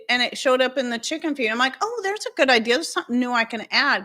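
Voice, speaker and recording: A woman with a medium-pitched, slightly bright voice hosts a relaxed livestream from home. She chats loosely with viewers, laughs often, and drifts into asides.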